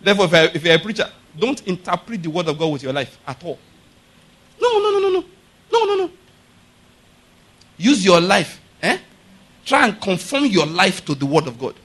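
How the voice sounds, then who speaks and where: A man's voice: sits high, expressive, brisk, fairly bright tone, slightly rough. A man preaching a sermon, emphatic and direct, often asking his listeners rhetorical questions.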